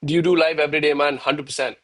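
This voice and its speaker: A man's voice: fairly high pitch, fairly even intonation, very fast, a bit bright. Breathless, chatty man in his thirties. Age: 30s. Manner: casual, chatty, calls viewers bro and man. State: out of breath between push-ups. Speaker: live trading streamer. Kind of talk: live-stream commentary and chat.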